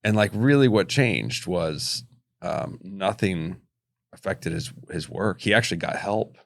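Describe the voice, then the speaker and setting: A man co-hosting a casual faith podcast, retelling a story haltingly with many restarts. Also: low-pitched, expressive, vocal fry, no room sound, studio quality. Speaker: podcast co-host.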